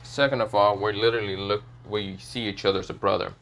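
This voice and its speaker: A man's voice: on the low side, fairly even intonation, fast talker, a bit bright. A man doing a cold, annoyed teenage boy. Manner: blunt, annoyed, stoic, swearing.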